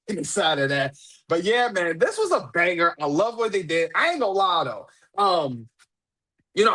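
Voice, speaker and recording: A young man with a high-pitched voice hosts a casual wrestling podcast. He talks excitably into a podcast mic, repeats himself and laughs a lot. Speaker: podcast host.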